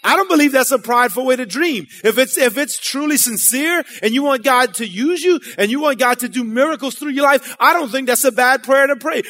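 A man's voice: very high-pitched, lively intonation, brisk, hardly any pauses, sharp tone. A man preaching a sermon in a church, casual and conversational, calling out to the congregation.

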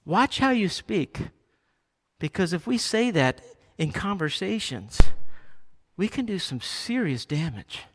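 A male pastor preaching a sermon, animated, acting out quoted Bible lines with a raised voice. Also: high voice, slow pace. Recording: long hall reverb.

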